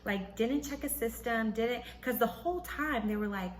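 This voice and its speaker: A woman hosting a podcast, casually telling a personal story and acting out what others said in a higher voice. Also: normal speed, echoey room, poor audio. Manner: animated, acts out quotes in a high voice, laughs often. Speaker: podcast host.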